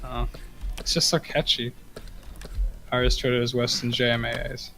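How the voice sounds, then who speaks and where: A man's voice: mid-range voice, steady tone, moderate pace, sharp tone, slight background noise. A man with an Australian accent in casual stream chat, chatty and laughing, slipping into small impressions.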